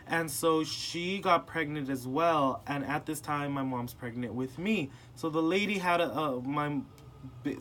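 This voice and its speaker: A young man telling a personal family story in casual chat, acting out the voices of the people in it with lots of filler words. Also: fairly high pitch. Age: young adult. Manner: animated, acting out family members in retold dialogue. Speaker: podcast host.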